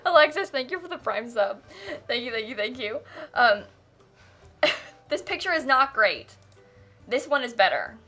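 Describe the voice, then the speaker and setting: A fairly high-pitched woman chats on a livestream, giggly and rambling, breaking into laughter often. Soft music plays faintly behind her. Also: very animated, measured pace, long pauses. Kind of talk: casual livestream chat.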